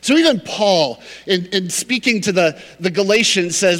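A man preaching a sermon as pastor, telling a story with animated, acted-out quotes. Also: high voice, moderate pace, in a large hall.

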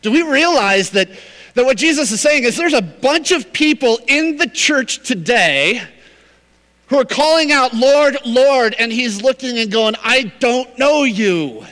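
A man preaching a sermon as pastor, telling a story with animated, acted-out quotes. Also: very high voice, moderate pace, long reverb tail.

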